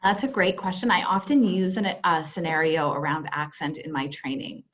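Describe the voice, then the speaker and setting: A woman's voice: sits low, fairly even intonation, moderate pace, fairly bright tone, highs cut off. A woman leading a webinar as a workplace trainer, talking conversationally with many fillers and acting out example dialogue. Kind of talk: webinar presentation. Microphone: video call.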